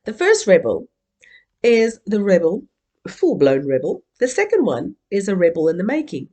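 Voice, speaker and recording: A woman's voice: mid-range voice, wildly swooping pitch, moderate pace, darkish tone. A woman from Africa, giving an interactive keynote and playfully coaxing the audience to join in. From South Africa. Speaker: keynote speaker.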